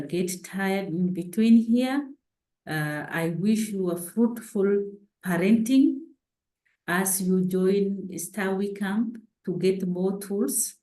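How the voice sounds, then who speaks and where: A woman's voice: fairly low pitch, warm tone, echoey room, rough recording. A woman giving earnest parenting advice on a panel talk. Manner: earnest, exhorting. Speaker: parenting speaker.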